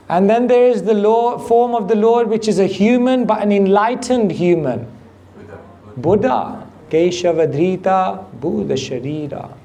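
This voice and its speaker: A man's voice: high voice, warm tone. A man giving a devotional class to an audience, speaking unhurriedly and quizzing listeners with questions. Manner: unhurried, asks the audience questions, chuckles easily. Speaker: spiritual teacher. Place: temple hall with audience.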